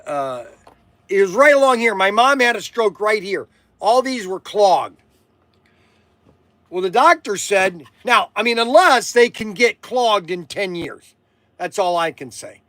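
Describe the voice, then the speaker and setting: A man's voice: sits high, sharp tone, no room sound. An older man hosting a live chat from his shop, rambling and interrupting himself with chuckles. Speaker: shop owner and show host.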